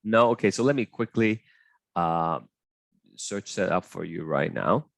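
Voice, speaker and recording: Young man, online tutor, low voice, animated pitch, chatty, hesitant, dry close sound. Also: measured pace, vocal fry, no room sound. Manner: chatty, hesitant, many fillers and checks.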